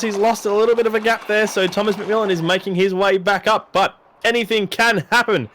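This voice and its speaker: Male race commentator, high voice, excitable play-by-play with jokes, faint background hiss. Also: fairly quick. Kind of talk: sim racing commentary.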